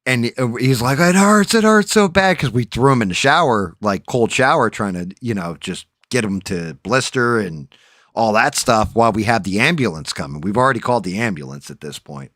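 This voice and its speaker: Profane, animated male storyteller. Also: lowish voice, dry recording, studio quality. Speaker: livestream host. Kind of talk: casual storytelling chat.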